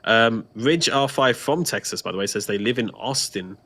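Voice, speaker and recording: A man's voice: mid-range voice, animated, normal speed, fairly bright tone. A man co-hosting a casual gameplay livestream, chatting, laughing often and reading out viewer comments. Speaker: stream co-host.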